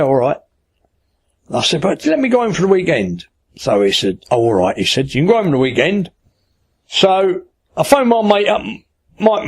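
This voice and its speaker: An older man from Kent, telling a story in casual, colloquial speech with blunt humour and acting out the dialogue. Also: slightly rough. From Kent, England. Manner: lively yarn-spinner, acts out quoted dialogue with raised pitch. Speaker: angling broadcaster interviewee.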